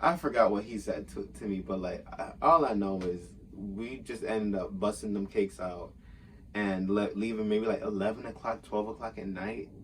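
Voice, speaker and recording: Animated low-voiced man telling a story. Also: normal speed, far from the mic, slight background noise. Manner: animated, acts out quotes in raised voice. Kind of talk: casual storytelling.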